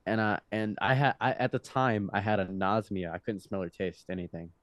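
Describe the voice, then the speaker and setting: A young man in his twenties, a podcast guest telling a story in a loose, animated way, with laughs, restarts and swearing. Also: lowish voice, fairly quick, dry recording. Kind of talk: casual storytelling.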